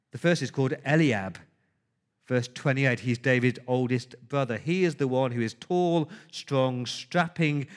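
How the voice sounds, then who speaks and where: A man preaching a sermon, emphatic, with rhetorical questions and words repeated for stress. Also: on the high side.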